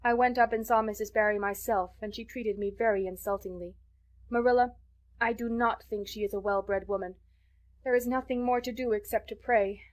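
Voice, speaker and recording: A woman's voice: medium pitch, close to an everyday voice. A woman voicing a dramatic, imaginative orphan girl who pleads in florid, theatrical words. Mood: indignant.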